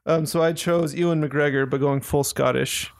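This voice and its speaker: A man hosting a casual group chat, reading out questions slowly with frequent fillers and pauses. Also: fairly high pitch, steady tone. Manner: slow, halting, with frequent fillers. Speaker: podcast host reading questions.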